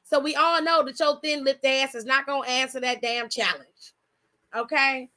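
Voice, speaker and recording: A woman hosting her own channel, chatting loudly and bluntly with her chat and swearing freely. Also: high voice, fairly even intonation, moderate pace. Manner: loud, blunt, profane, reads chat aloud. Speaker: channel host. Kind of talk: casual livestream chat.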